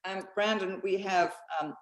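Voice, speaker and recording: A woman's voice: mid-range voice, measured pace, reverberant. A woman organizer talking hesitantly over a video call about the order of storytellers. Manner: hesitant, restarting. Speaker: organizer keeping the teller list. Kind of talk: casual chat.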